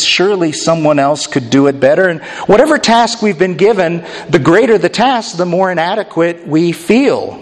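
一位男牧师在教堂大厅里讲道，语气像聊天，偶尔冷幽默，音调略高，录音带有长长的大厅混响。. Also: male voice, on the high side. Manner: conversational preaching, dry asides. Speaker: pastor. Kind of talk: sermon. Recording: long hall reverb.

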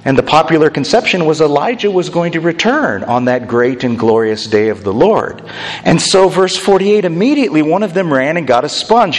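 A man preaching a sermon, explaining scripture and growing more emphatic as he goes. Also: big-room sound. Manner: expository, rising to emphatic pitch when quoting.

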